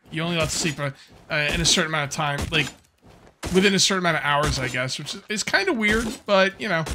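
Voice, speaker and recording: A man's voice: on the high side, noisy background. A man casually commenting on his survival-game session as he plays, rambling and easygoing with lots of fillers. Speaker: gameplay commentator. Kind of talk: casual let's-play commentary.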